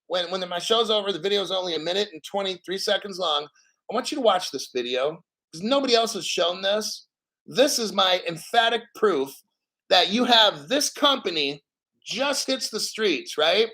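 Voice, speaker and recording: A man with a high, sharp voice hosts a crypto livestream. He rants in a heated way, firing rhetorical questions and swearing often. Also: animated, moderate pace, low-quality recording. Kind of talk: ranting livestream commentary.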